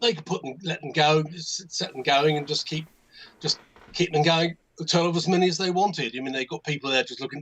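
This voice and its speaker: An older man with an English accent tells a meandering story in a casual chat. His voice sits a bit high. He keeps breaking off into asides and restarting his sentences. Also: a little fast, a bit bright, poor audio. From England. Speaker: guest modelmaker. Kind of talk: casual anecdote on a livestream.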